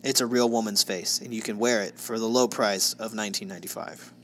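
A man's voice: on the low side, fairly even intonation, a little fast, fairly bright tone, slight background noise. A man co-hosting a casual true-crime podcast, narrating case details with sarcastic jokes. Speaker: podcast co-host.

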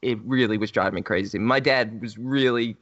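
A man's voice: mid-range voice, brisk, a bit bright, lo-fi sound. A man in casual podcast chat with self-mocking humor and an earnest streak. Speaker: podcast co-host.

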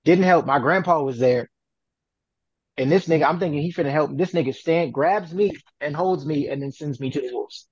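Animated profane man telling a story. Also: fairly high pitch, no echo, lo-fi sound. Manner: animated, profane, acts out quoted voices. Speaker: podcast co-host. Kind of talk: casual storytelling.

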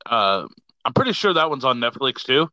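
A man chats agreeably on a podcast, stumbling a little as he goes. His tone is very bright and edgy. The sound is muffled and lo-fi but dry, with no room echo. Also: mid-range voice, sing-song, moderate pace. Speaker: podcast co-host. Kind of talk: casual chat.

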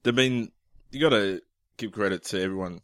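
A man co-hosting a podcast in casual chat, joking, swearing freely and tossing in quick asides. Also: on the low side, fairly bright tone, dry recording, studio quality. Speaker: podcast co-host.

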